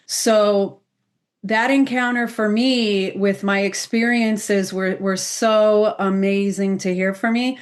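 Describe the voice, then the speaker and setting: A woman, a medium, telling personal stories to a podcast panel with lively exclamations. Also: mid-range voice, takes it slowly. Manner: animated storyteller, exclamations.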